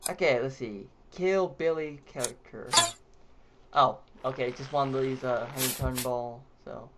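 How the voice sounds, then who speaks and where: A man's voice: medium pitch, a little slow. A young man giving rambling let's-play commentary as a gaming YouTuber, swearing and yelping when he fails. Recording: loud background noise.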